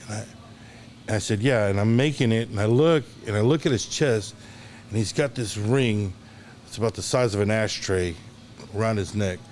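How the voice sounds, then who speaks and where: Bartender telling lively stories. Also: male voice, fairly low pitch, normal speed, slight background noise. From Dallas, Texas. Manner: animated anecdotes, acts out quoted voices, hesitant restarts. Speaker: guest, longtime bartender. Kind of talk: casual storytelling.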